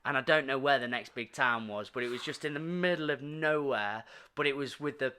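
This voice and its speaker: A young man chatting on a podcast, telling animated stories, laughing often and mimicking voices. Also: medium pitch, fairly quick, clean tone. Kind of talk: casual podcast chat.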